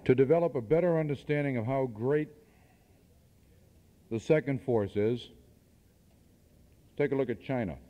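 A man's voice: medium pitch, normal speed, long pauses. A man addresses a seminar audience, pressing his points with rhetorical questions and the odd dry aside. The sound comes from worn cassette tape, muffled and lo-fi, with a long reverb trailing off the walls of a hall. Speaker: seminar speaker. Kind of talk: speech to an audience.

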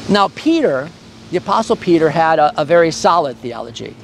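Earnest, high-voiced male Bible teacher. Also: very animated, a little fast, creaky, slight background noise. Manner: earnest, conversational teaching with fillers. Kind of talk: Bible-study sermon.

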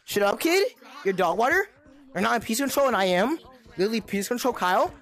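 A woman pushes her voice a little high and talks fairly quickly, very animated, as she impersonates a cocky young online gamer. In this gameplay role-play she keeps taunting other players, bragging and repeating her insults.

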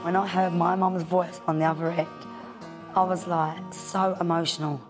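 A woman animatedly telling a story to the camera. Her voice is slightly low, with faint music in the background. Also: little pitch movement, normal speed. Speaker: expedition participant. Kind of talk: excited confessional.

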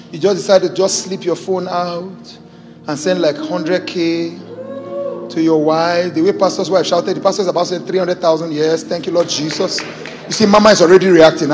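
A Nigerian man with a high voice preaches with exuberant, exclaiming energy and jokes with the congregation. His voice rings through a large hall with a long echo, and soft music sits beneath it. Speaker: pastor. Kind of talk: preaching a sermon. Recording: hall reverb with faint music.

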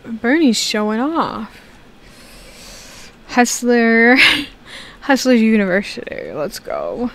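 A woman's voice: fairly high pitch, big pitch swings, slow pace, long pauses, a little hiss or hum. A young woman giving casual, joking commentary to herself while she plays a game. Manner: chatty, joking, talks to herself. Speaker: gaming video creator.

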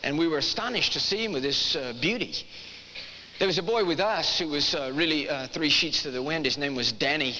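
A man's voice: fairly high pitch, fairly quick, bright, forceful tone. A man preaching a sermon, telling a story and then teaching with earnest, emphatic repetition. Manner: earnest, emphatic, repeats phrases for effect. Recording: echoey hall, faint background noise.

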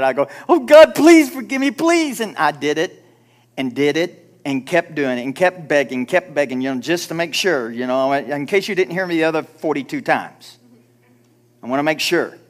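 A man preaching a sermon as pastor, animated, acting out timid prayers in a hushed voice. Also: mid-range voice, moderate pace. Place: church sanctuary.

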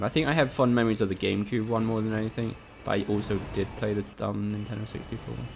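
A man with a low, gravelly voice streams a game and talks to his chat. He swears often and jokes sarcastically. A faint hiss of noise sits under the recording. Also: steady tone, fast, few pauses. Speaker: gaming streamer. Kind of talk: casual live-stream commentary.

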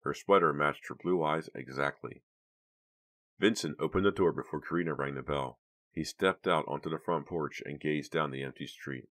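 A man narrating an audiobook in steady, measured scripted narration. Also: very deep voice.

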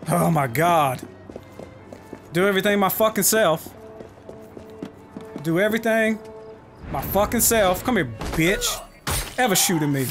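Excitable gamer guy, high voice, lots of swearing, faint game music behind. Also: unhurried, long pauses. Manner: excitable, profane, yelling at the game. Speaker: let's play host. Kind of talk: gameplay commentary.

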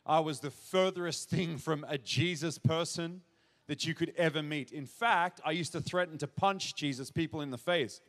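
A man's voice: fairly high pitch, moderate pace, fairly bright tone. A man preaching a sermon in a church, speaking earnestly and directly to the audience and building to emphatic questions. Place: church auditorium. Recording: reverberant church hall.

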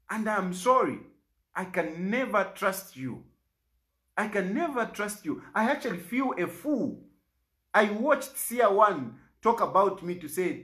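A man's voice: high voice, big pitch swings, measured pace, fairly bright tone. A Zambian man, an opposition politician, making an impassioned public statement in an aggrieved, pleading way and repeating lines for emphasis.

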